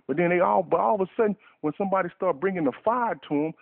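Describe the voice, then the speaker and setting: A man with a somewhat high, gravelly and husky voice preaches a fervent sermon on talk radio. He stacks and repeats words in urgent bursts. The sound is tinny and dry, as if through a phone line. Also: very fast, no echo.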